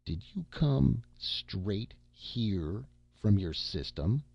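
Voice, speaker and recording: A man voicing a stern, gravelly heavenly head clerk. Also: deep voice, very animated, mellow, no room sound, highs cut off, full character voice. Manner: brisk, stern, questioning.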